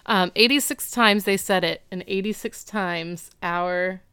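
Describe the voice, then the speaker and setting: A woman's voice: medium pitch, unhurried, sharp tone, clear, resonant tone, no room sound, clean studio sound. A young woman co-hosting a podcast, chatting casually and recounting episode details. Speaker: podcast co-host. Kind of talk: casual recap chat.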